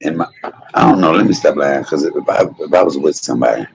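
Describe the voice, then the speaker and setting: Deep raspy older man preaching. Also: quick pace, rough recording. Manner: preachy, emphatic and folksy. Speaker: live stream host. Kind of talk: mukbang stream talk turning into preaching.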